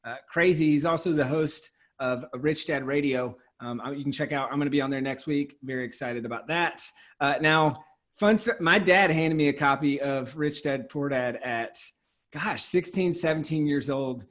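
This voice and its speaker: A young man hosting an interview podcast, his voice a bit higher than most men's. He sounds eager and stumbles into restarts and fillers as he poses his questions. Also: moderate pace, a bit bright. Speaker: podcast host.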